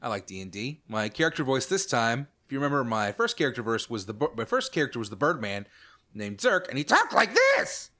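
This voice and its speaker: A man's voice: mid-range voice, sing-song, fast talker, pushed and bright. A man hosting a podcast in casual chat, talking in an easygoing, rambling, self-mocking way. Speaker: podcast host.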